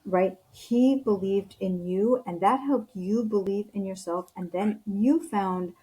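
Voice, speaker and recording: A woman's voice: medium pitch, slow pace, dark tone, rough recording. A woman, a leadership coach, talking as a guest in a casual interview, earnest and encouraging, with frequent fillers and restarts.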